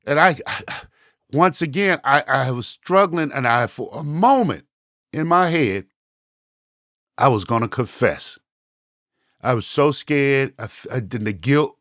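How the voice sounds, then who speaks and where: Male storyteller, mid-pitched voice, animated first-person telling, repeats for effect. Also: takes it slowly, long pauses, dry recording, clean studio sound. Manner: vivid, animated telling with repetitions and acted-out quotes. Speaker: storyteller and show host.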